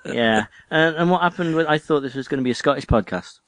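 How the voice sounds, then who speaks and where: A man's voice: fairly high pitch, fast, a bit bright, dry recording. A man co-hosting a casual podcast, making dry teasing asides. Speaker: podcast co-host.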